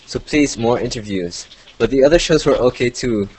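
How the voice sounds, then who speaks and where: Over a lo-fi internet call with slight background noise, a podcast host reads listener emails aloud. His mid-range, darkish voice moves at a moderate pace with lively intonation, and he mumbles, jokes, and laughs often.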